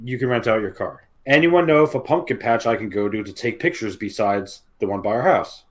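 A man's voice: fairly low pitch, expressive, a little fast. Teasing man reading posts aloud. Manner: teasing, reads out posts in a mocking tone. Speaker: podcast co-host. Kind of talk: casual chat.

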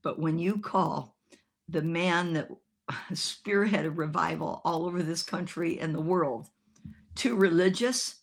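A woman preaching a sermon, telling a story with animated, humorous acted-out voices. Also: low voice, unhurried, gravelly.

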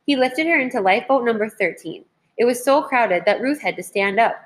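A woman teacher reading a children's history book aloud in a clear, measured way. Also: on the high side, animated.

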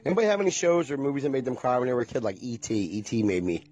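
A man's voice: mid-range voice, rapid-fire, darkish tone, breathy edge, soft background music. A man in his forties chatting casually to viewers, rambling and nostalgic and swearing freely.

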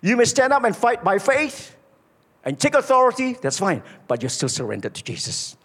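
Husky-voiced man preaching a sermon. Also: wildly swooping pitch, normal speed, a bit bright. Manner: storytelling, emphatic, drops low for key points. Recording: echoey hall.

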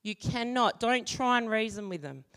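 A woman's voice: on the high side, moderate pace. Woman preaching in a reverberant hall. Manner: animated storytelling, acting out voices. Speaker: church speaker. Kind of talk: sermon with storytelling and prayer.

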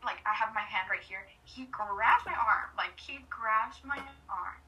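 A woman telling a story in casual chat, excited and rambling with many fillers and dropping to whispers for effect. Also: on the high side, unhurried, distant mic, dull audio. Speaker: storyteller recounting a fan meeting.

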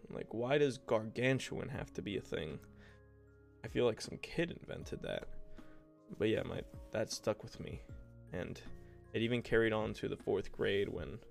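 A young man with a lowish, gravelly voice full of fry, hosting his own podcast. He rambles through stories in a casual, profane, self-mocking way, close to a home mic with faint music underneath. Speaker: podcast host. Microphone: home desk mic.

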